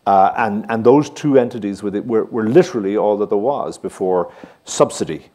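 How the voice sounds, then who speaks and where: A man with a Dublin Irish accent hosting a conversation onstage, measured and dryly witty. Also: on the low side, warm tone. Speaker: host and theatre director. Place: theatre stage before an audience.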